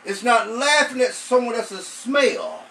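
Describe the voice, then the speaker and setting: A man's voice: very high-pitched, wildly swooping pitch, bright, forceful tone, distant mic, rough recording. A man, a pastor, preaching a sermon, repeating phrases and stretching out words for emphasis. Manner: repetitive emphatic preaching, drawn-out stresses.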